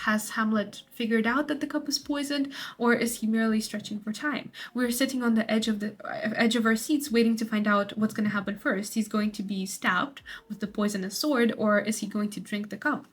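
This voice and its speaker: A woman's voice: on the high side, steady tone, brisk, few pauses, husky. A woman tutor explaining a literature study guide in a casual way, sometimes acting out short quotes. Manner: casual paraphrase with acted quotes.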